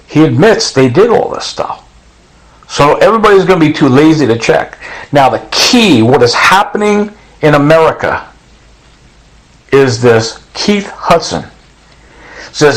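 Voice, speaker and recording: Middle-aged man, slightly high voice, intense rambling rant, jumps into other people's voices. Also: lively intonation, slow, pauses often, low-quality recording. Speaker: vlogger. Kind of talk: agitated monologue.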